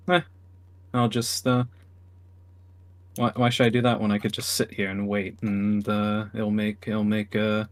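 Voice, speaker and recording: A man with a low voice chats casually as a player in a tabletop game. He stammers and repeats his words as he talks. His laughter comes easily.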